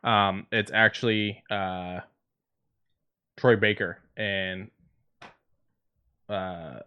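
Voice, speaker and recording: A man's voice: fairly low pitch, steady tone, very slow, smooth, lo-fi sound. A man co-hosting a podcast, telling stories and running down news in casual chat with fillers. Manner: storytelling, news rundown with fillers. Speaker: podcast co-host.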